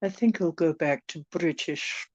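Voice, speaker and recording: A woman's voice: sits low, unhurried, a little mellow, dry recording, highs cut off. A woman from the United States hosting a casual live stream, musing aloud and answering viewer comments. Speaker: channel host chatting with viewers.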